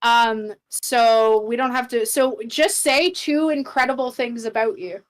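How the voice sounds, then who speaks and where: A woman's voice: on the high side, unhurried, poor audio. A woman running a live tabletop game as game master, chatty and full of fillers.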